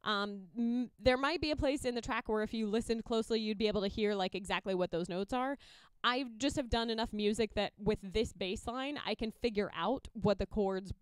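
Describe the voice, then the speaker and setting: A loop musician explains her process in a chatty, upbeat tutorial, showing how she lays out songs for a looper and sometimes singing or beatboxing short examples. The young woman's voice is medium-pitched and clean, with no echo, and she talks fairly quickly.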